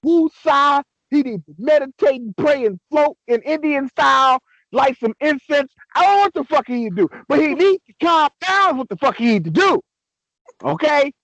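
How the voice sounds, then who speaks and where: A young man on a casual sports podcast, ranting excitably and swearing a lot. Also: extremely high pitch, moderate pace, no room sound, poor audio. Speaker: podcast co-host.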